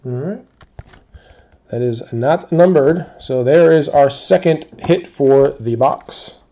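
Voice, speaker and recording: Slow, gravelly man calling out cards. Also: on the high side. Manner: steady rapid-fire listing of teams and players. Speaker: card break host. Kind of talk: calling out cards in a box break.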